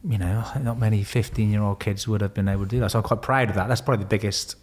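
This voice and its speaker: Bloke, low-ish voice, swears a lot telling old stories. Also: male voice, fairly even intonation, very fast, darkish tone. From Bristol, England. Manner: swears freely, laughs through stories. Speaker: podcast guest, former Royal Marine. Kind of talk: casual storytelling.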